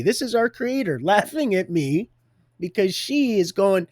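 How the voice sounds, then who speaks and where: A man's voice: sits high, very animated, moderate pace, darkish tone, dry recording, clean studio sound. A man hosting a live stream, telling a faith story in a rambling way, often laughing mid-sentence and repeating his words.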